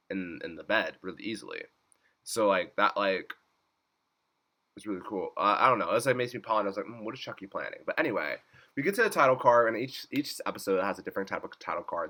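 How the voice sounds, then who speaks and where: A man giving a casual episode recap, animated, swearing freely and breaking into laughter and squeals. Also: low voice. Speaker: YouTube reviewer.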